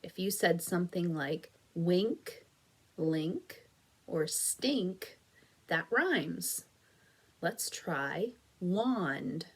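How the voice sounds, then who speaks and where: Extremely slow and expressive, a woman with a fairly low, husky voice teaches a beginning reading lesson to young children. This elementary school teacher records a clear phonics video, encouraging the kids patiently while carefully stretching and sounding out words.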